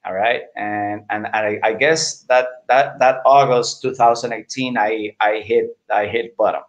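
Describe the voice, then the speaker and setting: Earnest, halting middle-aged man. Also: fairly low pitch, steady tone, lo-fi sound. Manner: earnest, halting, with many repeated words. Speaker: guest. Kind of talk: candid personal interview.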